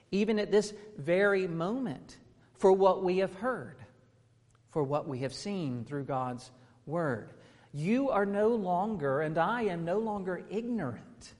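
A man's voice: high voice, a little mellow, big-room sound. A man in his thirties preaching a sermon, earnest and emphatic, asking rhetorical questions.

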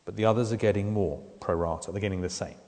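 A man's voice: deep voice, quick pace, a little mellow. A man preaching a sermon in a conversational way, often putting questions to the listeners. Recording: long hall reverb.

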